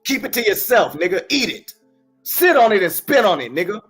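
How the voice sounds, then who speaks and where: A high-pitched man shouting profane insults on a live stream. He talks in loud, taunting bursts. Faint music plays under his voice. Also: big pitch swings, a little fast, breathy edge. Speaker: livestream host. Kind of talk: heated trash talk on a live stream.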